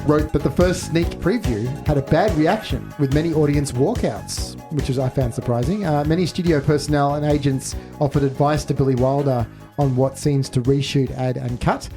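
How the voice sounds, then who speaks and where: A warm-toned man with a fairly high voice hosts a casual movie podcast at a normal speed, with soft music in the background. He leads the group with questions and reads out bits of trivia.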